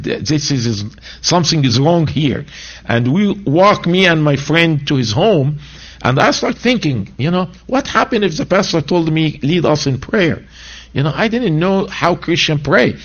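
A man's voice: on the high side, muffled recording. Egyptian-born man preaching his testimony. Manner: animated storytelling, broken grammar, voices quotes. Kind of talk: sermon testimony.

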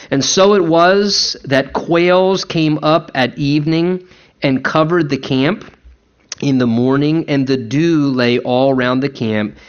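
A man's voice: a little high, takes it slowly, clean tone. A man preaching a conversational sermon as a pastor, acting out quoted voices as he goes. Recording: dull lo-fi recording.

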